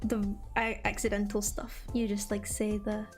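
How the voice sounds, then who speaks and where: A woman's voice: mid-range voice, completely flat delivery, moderate pace. A young woman from England chatting casually with her stream viewers, rambling with lots of fillers. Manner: rambling, filler-heavy, chirpy. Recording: faint music behind.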